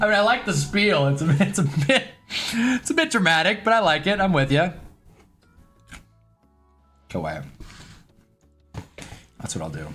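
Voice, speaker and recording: A man's voice: sits high, sing-song, a little slow, pauses often, over music. Chatty man hosting a sports stream. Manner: loose and chatty, swears, talks to chat. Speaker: live-stream host. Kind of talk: casual live-stream sports talk. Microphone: own desk mic.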